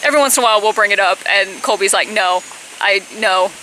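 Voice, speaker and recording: A woman in her twenties telling a casual storytime on her vlog, chatty, with high-pitched bursts when she quotes herself. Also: quick pace, pushed and bright, a little hiss or hum, low-quality recording. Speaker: vlogger.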